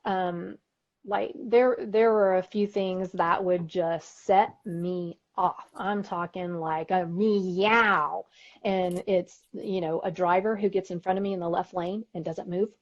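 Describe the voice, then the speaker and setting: A woman's voice: fairly low pitch, measured pace. Chatty Texan woman, lo-fi sound. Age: middle-aged. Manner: chatty, storytelling, lively voices for quoted people. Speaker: podcast co-host. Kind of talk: casual chat. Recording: dull lo-fi audio.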